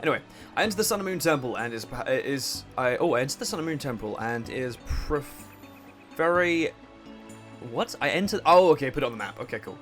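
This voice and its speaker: A young man giving casual, swearing, laughing commentary on a game he plays, and he keeps clearing his throat. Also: mid-range voice, lively intonation, fairly quick, a bit bright, faint music behind. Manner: chatty, swearing, laughs a lot, self-interrupting. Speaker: let's play host.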